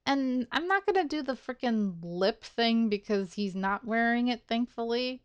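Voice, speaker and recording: A woman's voice: on the high side, lively intonation, a little slow, hardly any pauses, clean tone, dry recording. A woman playing through a story game, chatting casually and laughing as she reacts to it. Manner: giggly, chatty, reacting aloud. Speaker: game streamer. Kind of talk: casual playthrough commentary.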